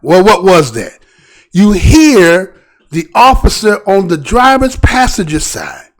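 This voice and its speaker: High-pitched, animated male commentary host. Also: slow pace. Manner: animated, preachy, rhetorical questions. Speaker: show host. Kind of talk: commentary on a news video.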